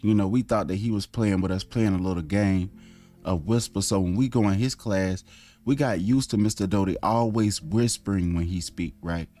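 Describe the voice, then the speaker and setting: Southern man, deep-ish voice, loose rambling teacher, soft music underneath. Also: moderate pace. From Florida, US. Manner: rambling, conversational, addresses listeners as family. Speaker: religious teacher. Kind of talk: casual online teaching.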